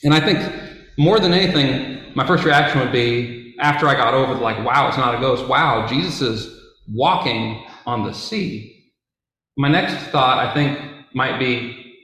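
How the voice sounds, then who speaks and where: Man, casual Bible talk, chatty asides, mid pitch, very echoey room. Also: a little slow, pushed and bright. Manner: casual, conversational, with fillers and asides. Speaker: Bible teacher. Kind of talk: informal Bible story retelling.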